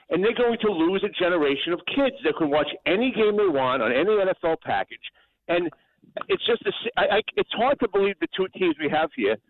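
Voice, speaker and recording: A middle-aged man calling in to a sports radio show, rambling and repeating words as he restarts his sentences. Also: high-pitched. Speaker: caller. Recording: tinny phone line.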